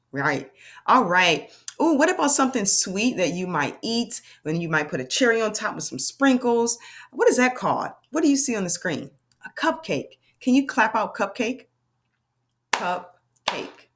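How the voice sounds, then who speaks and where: A woman teaching a children's phonics lesson, upbeat and sing-song, slowly sounding out and modeling words. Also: mid-range voice, a bit bright. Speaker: reading teacher.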